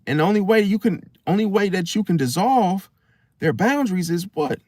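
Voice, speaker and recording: A man's voice: high voice, normal speed, no echo, clean studio sound. A man hosting an astrology talk, speaking casually with slang and acting out other people's thoughts. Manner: animated, slangy, acts out inner voices. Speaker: astrology channel host. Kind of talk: casual spoken monologue.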